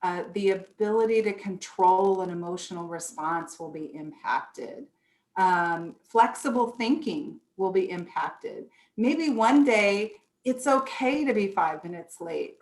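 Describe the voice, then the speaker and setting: A woman presenting a workshop, explaining step by step and acting out example thoughts. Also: mid-range voice. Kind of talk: online workshop talk. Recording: echoey room.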